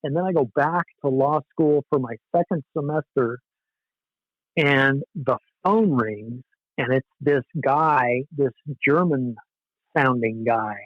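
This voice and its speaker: A man in his forties from Southern California recounts old times as a podcast guest. He is easygoing and anecdotal and often laughs at himself. His voice sits at a middling pitch, and the recording is dry, slightly dull and lo-fi. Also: slow pace, no room sound. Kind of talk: casual storytelling in a podcast interview.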